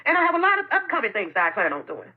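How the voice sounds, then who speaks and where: High-voiced impassioned woman, dull audio. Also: huge pitch swings, very fast. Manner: impassioned and defensive, repeats herself. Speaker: food truck owner. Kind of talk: emotional self-made video statement.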